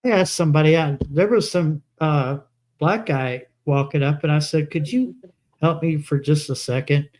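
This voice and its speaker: A man's voice: a little high, moderate pace, a little mellow. A man telling long rambling anecdotes in a casual live chat, quoting himself as he goes. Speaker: co-host.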